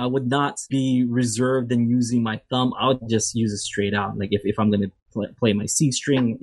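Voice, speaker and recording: A man's voice: mid-range voice, no room sound. A man teaching an instrument lesson, explaining playing technique in a loose, rambling way with many fillers and restarts. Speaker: music teacher.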